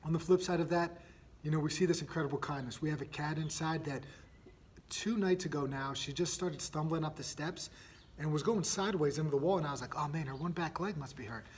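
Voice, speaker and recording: A man in his thirties hosting a solo parenting podcast, telling stories in a casual, energetic way and often checking in with "right?". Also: a little high, fairly quick, slight background noise. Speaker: podcast host.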